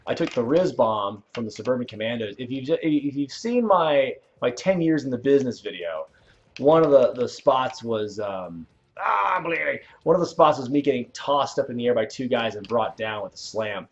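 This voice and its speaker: Laid-back and chuckling, a young adult male host rambles through a game livestream and fields viewer questions. His voice is medium-pitched and darkish, with lively intonation and a moderate pace, heard over a dull lo-fi stream mic.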